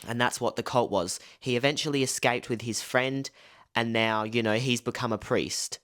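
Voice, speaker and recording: A man's voice: medium pitch, steady tone, normal speed, fairly bright tone. A young man casually recapping a film as a reviewer, rambling with lots of filler words. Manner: loose, rambling, full of "like" and "um". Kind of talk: casual spoken film breakdown.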